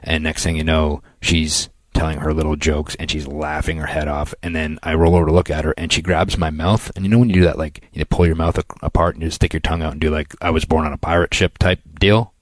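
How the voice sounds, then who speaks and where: A man co-hosting a podcast, chatting casually and telling family stories, sometimes dropping to a low murmur. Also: flat delivery, fast, few pauses, no echo. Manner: storytelling, drops to a near murmur when reflective. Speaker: podcast co-host. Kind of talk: casual chat.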